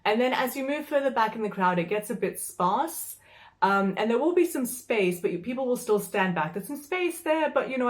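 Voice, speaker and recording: A woman tells a story straight to her viewers. Her voice sits at a middle pitch, and she talks in a loose, chatty way. She sounds exasperated, with plenty of fillers and an occasional swear. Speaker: vlogger. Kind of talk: casual storytelling vlog.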